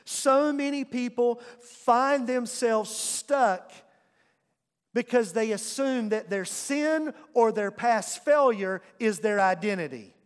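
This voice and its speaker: A man's voice: very high-pitched, takes it slowly, clean tone. A man preaching a sermon as pastor, emphatic and calling on the congregation to answer him. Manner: emphatic, calls on the congregation to respond. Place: church sanctuary. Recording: long church hall reverb.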